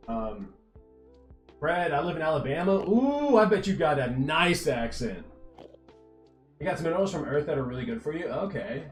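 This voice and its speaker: A man from Texas with a mild Texan accent, chatting casually and rambling with many restarts and fillers while live-streaming. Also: mid-range voice. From Texas, USA.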